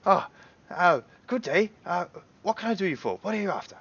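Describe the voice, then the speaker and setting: A flustered little halfling shopkeeper, put on by a man, fussy and nervous, tripping over his words as he pipes up well above a lowish natural voice. The sound is a little dull and lo-fi. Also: very animated, fairly quick, a bit bright, slightly rough, heavily acted. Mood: hesitant. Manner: stammering, flustered, repeating words.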